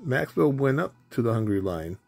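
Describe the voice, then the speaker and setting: A man reads a children's picture book aloud in a simple, deliberate manner, now and then stumbling over a word. His voice is gravelly and husky, sitting at an ordinary pitch. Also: very animated, darkish tone, soft background music. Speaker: storybook reader. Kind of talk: children's story read aloud.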